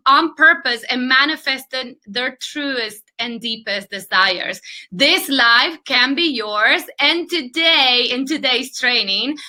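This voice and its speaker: A woman's voice: sits high, sharp tone. A woman coach hosting a live online training, gushing as she greets viewers by name from the chat. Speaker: women's empowerment coach.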